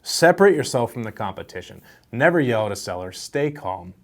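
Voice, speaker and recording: Speaking fairly quickly in a mid-range voice, a young male vlogger shares casual real estate wholesaling advice straight to camera. His style is warm and story-driven, lively with laughter.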